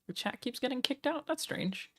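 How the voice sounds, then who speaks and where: A woman's voice: high voice, lively intonation, normal speed, a bit bright, breathy edge. A woman streaming live, chatting casually, reading articles aloud and gushing thanks to donors with casual swearing. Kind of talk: live stream chat and reaction.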